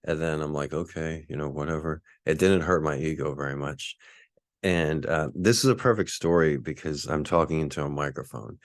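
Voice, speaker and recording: A man's voice: a bass voice, moderate pace, dry recording, studio quality. A man in his forties from Texas, telling a rambling, laid-back story as a podcast host. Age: 40s. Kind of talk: casual storytelling monologue.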